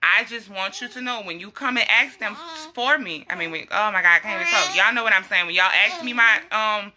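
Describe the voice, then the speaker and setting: A young woman, talking bluntly and casually to her followers, animated and quick to laugh. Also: mid-range voice, slight background noise. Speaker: herbal health vlogger. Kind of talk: casual straight-talking live chat.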